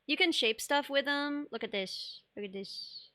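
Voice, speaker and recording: A young woman streamer with a bright, high voice chats casually and rambles in a bubbly way, laughing often. Her sound is dry and close to the mic, with no room around it. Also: a little slow, no room sound. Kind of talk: casual chat while sculpting.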